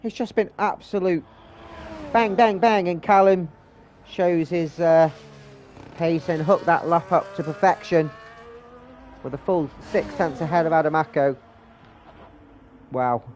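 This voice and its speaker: An excitable man commentates a live online sim race with rapid calls, slightly higher in pitch than most men. His delivery runs breathless and exclamatory as the cars cross the line, with a faint hiss of noise under his voice. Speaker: race commentator and league host.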